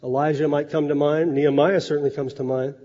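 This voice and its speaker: Pastor guy preaching casual, mellow kinda husky voice, lo-fi sound. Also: flat delivery, fast. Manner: conversational preaching, drops low and soft for emphasis. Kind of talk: sermon. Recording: echoey hall, dull lo-fi sound.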